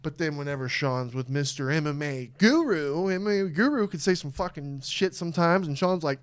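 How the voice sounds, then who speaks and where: Excitable man with a smooth voice. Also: moderate pace, few pauses. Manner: excitable, swings from low mumble to loud outbursts. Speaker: podcast co-host. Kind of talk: casual chat.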